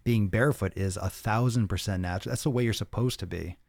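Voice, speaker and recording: A man in his thirties hosts a casual live-stream Q&A and answers viewer comments. His voice sits low, and he talks in a blunt, profane, joking way. The sound is dry, with no room echo. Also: fast talker, gravelly, darkish tone. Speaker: podcast host answering viewer questions.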